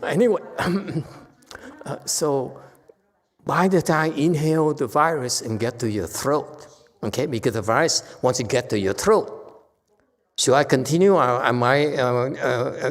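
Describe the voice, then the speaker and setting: A man's voice: mid-range voice, measured pace. A man giving a casual Buddhist dharma talk as teacher, chatty and teasing, laughing often. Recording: reverberant hall.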